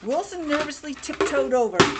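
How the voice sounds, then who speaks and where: A woman teacher reading a picture book aloud to young children, animated, stopping for asides to the class. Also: high voice, normal speed, very noisy.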